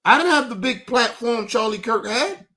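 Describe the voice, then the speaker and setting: Man, livestream host, high voice, bright, mocking, profane, talks to his chat. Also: lively intonation, normal speed. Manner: combative, profane, mocking, addresses chat directly. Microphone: streaming setup mic.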